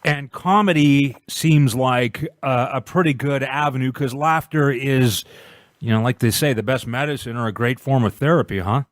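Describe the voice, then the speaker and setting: A man's voice: mid-range voice, moderate pace, dry recording. Joking male podcast host, dry sound. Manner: self-deprecating, joking, relaxed. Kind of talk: casual comedic interview chat.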